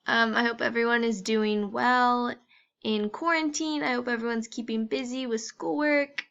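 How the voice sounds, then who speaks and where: Young woman with a gravelly voice. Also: fairly high pitch, steady tone, normal speed, a bit bright. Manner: informal, many fillers and restarts. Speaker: education student presenting. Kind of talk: casual class presentation. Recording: dull lo-fi home recording.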